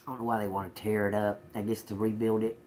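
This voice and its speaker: A man's voice: fairly low pitch, level tone, fast talker, a little mellow. A man hosting a casual livestream tarot reading, talking straight to his viewers, laughing often and swearing as he snaps back at commenters. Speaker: tarot reader, livestream host.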